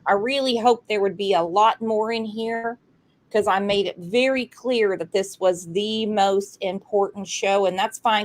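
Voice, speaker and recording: A woman's voice: mid-range voice, unhurried. A woman hosts a true crime livestream with a mid-range voice. She speaks in an effusive, encouraging way to her guest and viewers. Her manner is earnest and supportive. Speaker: true crime channel host. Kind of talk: livestream interview.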